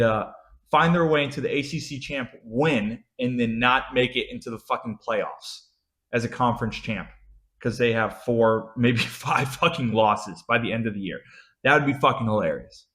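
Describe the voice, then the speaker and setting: Profane, animated American man ranting. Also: medium pitch, reverberant. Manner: swears constantly, repeats lines, swings loud then muttering. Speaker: college football podcast host. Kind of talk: profane ranting sports talk.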